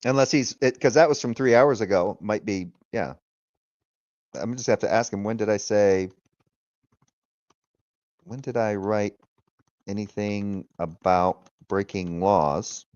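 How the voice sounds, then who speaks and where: A man's voice: fairly low pitch, unhurried, long pauses, a little mellow, dry recording, lo-fi sound. A man hosting a casual livestream, talking loosely, swearing freely and laughing often. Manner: retells arguments in quoted voices. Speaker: livestream host.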